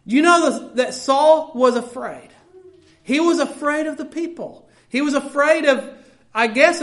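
High-voiced woman preaching a sermon. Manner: reads scripture aloud, then explains it in plain, earnest talk with repeated words.

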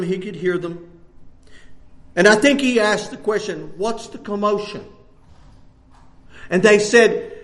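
A man preaching a sermon, animated, jumping between loud bursts and hushed lines and laughing often. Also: high voice.

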